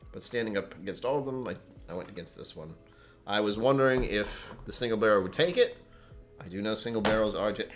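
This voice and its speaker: A man hosting a casual whiskey tasting live stream from home, rambling and joking as he chats with viewers. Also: lowish voice. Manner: rambling, joking, self-interrupting. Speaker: whiskey channel host.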